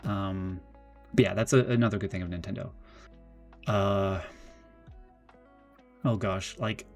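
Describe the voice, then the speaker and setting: A man streaming live, ranting in an animated, exasperated way and often restarting his sentences. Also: mid-range voice. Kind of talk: casual live-stream commentary.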